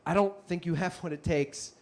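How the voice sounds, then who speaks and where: A man's voice: high-pitched, steady tone, moderate pace, voice pushed down. A man voicing a weary boss who speaks in a subdued, deflated way. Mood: disappointed. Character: weary male boss, flat and disappointed.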